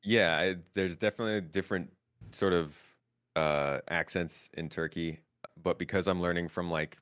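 A man's voice: sits low, fairly even intonation, moderate pace, fairly bright tone, clean tone. A man from the United States on a panel, talking in a laid-back way and laughing often. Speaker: guest content creator. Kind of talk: casual panel chat.

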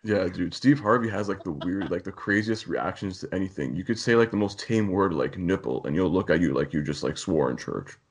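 A man's voice: sits low, expressive, a little fast, hardly any pauses, husky. A man co-hosting a comedy podcast, laid-back and filling his riffs with "like". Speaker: podcast co-host.

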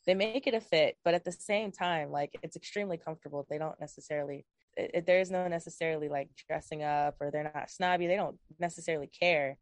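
A woman's voice: low-pitched, fast, no room sound. Chatty young woman, dry sound. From Virginia, USA. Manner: animated and rambling, laughs often. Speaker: guest. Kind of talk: casual chat.

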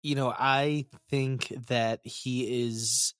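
Guy gushing in a casual podcast chat, mid pitched voice, super dry sound. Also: fairly even intonation, very slow, fairly bright tone, clean tone, dry recording. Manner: enthusiastic, effusive.

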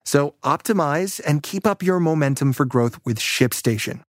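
Male ad read, slightly high voice, dry close sound, steady pitch. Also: moderate pace, no room sound. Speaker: ad reader. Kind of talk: scripted ad read.

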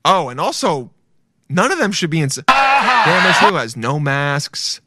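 A man's voice: a little high, sing-song, moderate pace, very noisy. A young man giving casual, profane, mocking commentary while reacting to a video, rambling as he goes.

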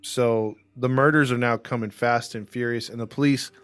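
A man of middle pitch tells a case in a loose, rambling way, full of fillers and restarts. His voice is recorded dry and close. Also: fairly even intonation, moderate pace, smooth, dry recording. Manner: rambling, filler-heavy storytelling. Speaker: podcast host and case narrator. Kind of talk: casual true crime chat.

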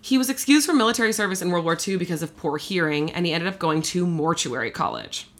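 A woman co-hosting a podcast, telling a story in casual chat, animated and full of fillers. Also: fairly low pitch, quick pace. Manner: chatty, animated, many fillers and laughs.

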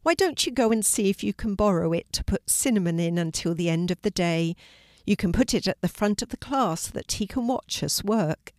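A woman's voice: medium pitch, lively intonation, a little fast, no echo, clean studio sound, natural voice. A woman voicing a kind, encouraging schoolteacher in a children's storybook reading. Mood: brisk. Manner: warm, encouraging.

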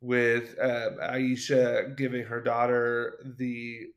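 A man co-hosting a podcast at an ordinary mid pitch. He chats casually and enthusiastically, stumbling and restarting as he gathers his thoughts. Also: completely flat delivery, echoey room. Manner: enthusiastic, halting, many restarts. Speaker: podcast co-host. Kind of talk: casual chat.

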